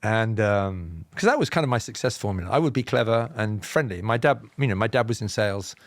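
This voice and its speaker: A man from England with a southern, BBC-style received pronunciation accent, telling personal stories as a podcast guest in a measured, explanatory way with self-deprecating humour. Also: fairly low pitch, expressive, no echo, studio quality. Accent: Southern English, BBC-style received pronunciation. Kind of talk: reflective personal storytelling.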